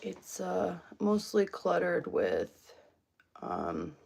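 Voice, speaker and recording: A woman's voice: on the low side, big pitch swings, very slow, gravelly, darkish tone. A woman hosting a casual livestream just after waking up, rambling along with lots of fillers and restarts. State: just woke up. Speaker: livestream host. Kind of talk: casual chat. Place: home room.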